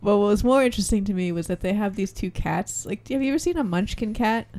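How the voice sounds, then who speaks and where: A woman's voice: mid-range voice, expressive, fast talker, dark tone. A woman co-hosting a casual podcast, dry and teasing, with a matter-of-fact way of talking. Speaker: podcast co-host.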